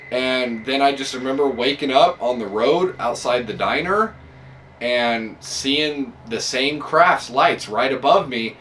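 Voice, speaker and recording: Bewildered young man, put on by a man, halting, baffled, mid pitch, faint hum. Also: bright, forceful tone, distant mic.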